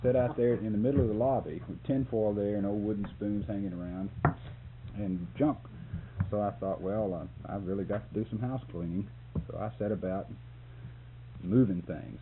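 A man's voice: on the low side, moderate pace, noisy background. Chuckling storyteller man on tinny tape. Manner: laughs often, animated when telling the punchline. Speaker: interviewee, photographer. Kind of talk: storytelling in a recorded interview.

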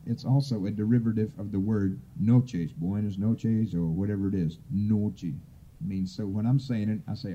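A man from Florida giving an informal oral history talk, unhurried and rambling, with frequent hesitations. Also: on the low side, fairly even intonation, dark tone, a little hiss or hum. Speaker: tribal speaker. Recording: dull lo-fi recording.

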